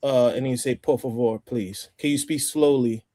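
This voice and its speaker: A man's voice: mid-range voice, steady tone, normal speed, warm tone, no room sound. Chatty man with a close, dry voice. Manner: chatty, explains phrases at length. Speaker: roundtable participant. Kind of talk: casual group chat over a stream.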